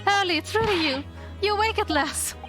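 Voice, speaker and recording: A woman voicing an excitable young girl who gushes over her friend, with game music behind. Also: extremely high pitch, a little fast, voice pushed up. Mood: eager. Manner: eager, gushing.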